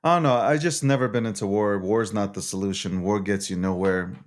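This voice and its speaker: A man's voice: fairly low pitch, a little fast. Profane, agitated man ranting. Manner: profane, agitated, repeats himself. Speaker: show host. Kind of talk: unscripted news recap and rant.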